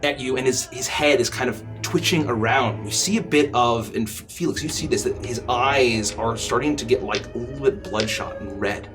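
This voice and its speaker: A man narrating a tabletop game as game master, slow and halting with frequent fillers. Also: mid-range voice, music in the background.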